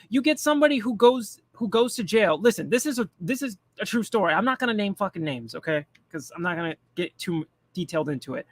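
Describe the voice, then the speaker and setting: Profane, mocking man with a high voice. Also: animated, fast, hardly any pauses, dry recording. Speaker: commentary streamer. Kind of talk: casual political rant.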